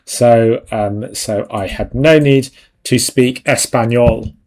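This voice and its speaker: A man's voice: medium pitch, slow, a little mellow. Rambling, laughing young man host. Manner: chatty and rambling, laughs often. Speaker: livestream host chatting with viewers. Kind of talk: casual chat.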